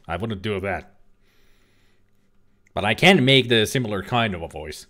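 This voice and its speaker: A man's voice: on the low side, lively intonation, measured pace, pauses often, sharp tone. A man giving casual, rambling let's-play commentary as a streamer, joking and now and then swearing. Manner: chatty, rambling, jokey, occasional swearing.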